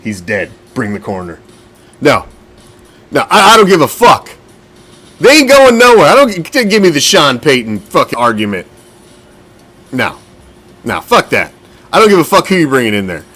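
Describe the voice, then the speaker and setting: A man's voice: a little high, very animated, normal speed, pauses often, fairly bright tone. A man hosting a football fan show, talking casually, bluntly and with a lot of profanity, and getting winded as he goes. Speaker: podcast host.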